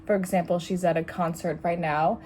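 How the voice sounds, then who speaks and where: Young woman vlogger, raspy and hoarse, sarcastic rambling, faint hiss behind her. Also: lowish voice, fairly even intonation, a little fast, darkish tone. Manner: rambling, sarcastic, easily sidetracked. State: hoarse from recent illness. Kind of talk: casual rambling vlog. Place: small bedroom at home.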